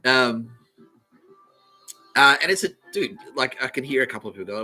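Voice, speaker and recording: Australian man, young, comedy podcast host, swearing and laughing, bright tone, faint music behind. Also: mid-range voice, lively intonation, moderate pace, long pauses. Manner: profane, laughing, acts out quoted people. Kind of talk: comedic storytelling monologue.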